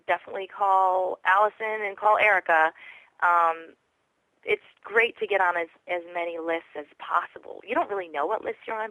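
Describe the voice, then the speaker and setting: A voice actress in an interview, talking casually and reflectively with lots of fillers. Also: female voice, fairly low pitch, fairly bright tone, no echo, rough recording. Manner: reflective, chatty, many fillers.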